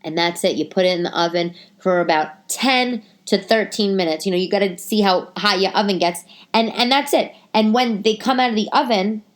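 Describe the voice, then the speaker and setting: A woman, a stand-up comic hosting a casual chat, talking in a chatty, animated way with many fillers. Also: medium pitch, fairly quick, few pauses. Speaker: podcast host and stand-up comic. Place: living room.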